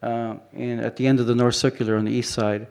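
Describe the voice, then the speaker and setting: A man's voice: mid-range voice, little pitch movement, quick pace, a little mellow, clean tone. A man speaking at a conference about his photography, rambling informally with frequent restarts and fillers. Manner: rambling, many restarts and "you know" fillers. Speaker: photographer giving a conference talk. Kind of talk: informal presentation talk. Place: conference hall.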